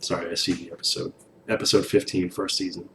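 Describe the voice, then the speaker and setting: A young man in casual reaction commentary while painting, animated, rambling and swearing a lot, recorded on a distant mic in an echoey room with faint hiss. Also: low-pitched, quick pace, gravelly. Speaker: reaction video host.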